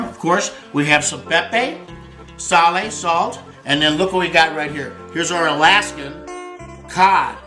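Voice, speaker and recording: A man hosting a home cooking demonstration, talking in a folksy, joking way and dropping Italian words. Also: fairly high pitch. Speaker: cooking show host. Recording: echoey room with faint guitar music.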